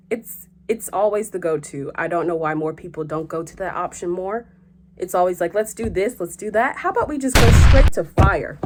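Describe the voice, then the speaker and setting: A young woman hosting a vlog in casual chat, animated and joking, with frequent swearing. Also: medium pitch, slight background noise. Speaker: host.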